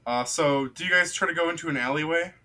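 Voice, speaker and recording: A man's voice: on the high side, fast talker, sharp tone. A man acting as game master, narrating a tabletop game casually and rambling with lots of fillers.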